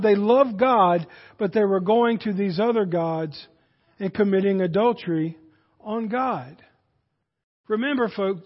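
High-voiced preacher in a reverberant hall. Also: male voice. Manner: earnest preaching, addresses the congregation as folks. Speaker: pastor. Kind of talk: sermon. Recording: dull recording with long hall reverb.

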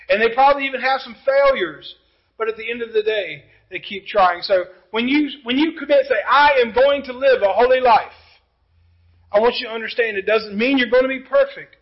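A pastor preaching a sermon, emphatic, with rhetorical questions and passages that drop to quiet intensity. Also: male voice, very high voice, brisk, highs cut off.

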